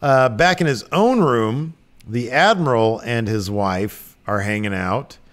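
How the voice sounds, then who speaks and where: A man's voice: mid-range voice, expressive, takes it slowly. Laid-back man recapping an episode. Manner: loose, rambling, full of fillers. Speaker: podcast co-host.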